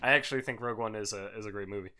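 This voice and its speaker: A man's voice: fairly low pitch, very fast, sharp tone, soft background music. A young man ranting casually about films while commenting on a game, with lots of swearing and restarts. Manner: ranting, profane, self-interrupting. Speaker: let's play host.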